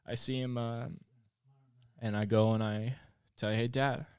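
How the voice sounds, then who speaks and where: A man in his late twenties, a podcast guest telling a personal story in a candid, plainspoken way. His voice is smooth and resonant, with a flat, even delivery, recorded dry and close. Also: mid-range voice, unhurried, no echo. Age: late 20s. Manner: candid and plainspoken, with frequent swearing and fillers. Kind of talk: personal storytelling in casual conversation.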